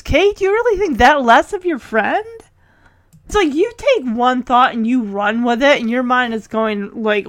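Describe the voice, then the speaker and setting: A woman's voice: fairly high pitch, no echo. A woman chatting casually as she recaps a TV episode, rambling and full of fillers.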